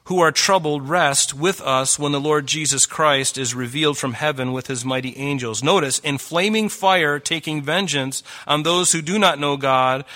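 Bright-voiced earnest male preacher. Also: a little high, normal speed, few pauses. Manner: earnest, pleading, rising emphasis. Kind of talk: sermon.

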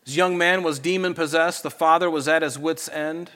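Earnest preaching man, loud then soft. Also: fairly high pitch, fairly even intonation, moderate pace. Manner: earnest, swings between loud urging and soft asides. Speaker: pastor. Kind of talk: sermon. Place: church with congregation.

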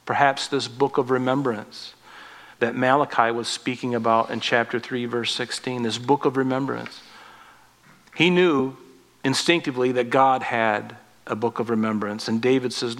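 A man in his forties preaching a sermon as pastor, rising in force on scripture and dropping soft on tender points. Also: mid-range voice, steady tone, moderate pace. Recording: long reverb of a large hall.

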